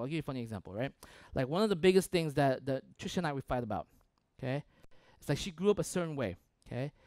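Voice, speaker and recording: Animated young male pastor, dry sound. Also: sits high, dry recording. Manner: lively, animated, acts out quoted voices. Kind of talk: sermon.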